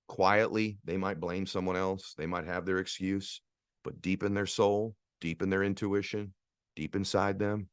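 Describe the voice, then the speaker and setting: A man giving a motivational speech, earnest and repetitive, asking rhetorical questions and leaning slowly on key phrases. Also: low-pitched, dry recording, studio quality. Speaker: motivational speaker.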